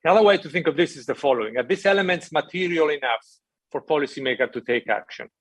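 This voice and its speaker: Man giving a measured policy talk. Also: a little high, animated, fairly bright tone, slightly rough, no echo. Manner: measured, emphatic, frequent "right?" check-ins. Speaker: conference speaker from an international financial institution. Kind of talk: prepared conference talk.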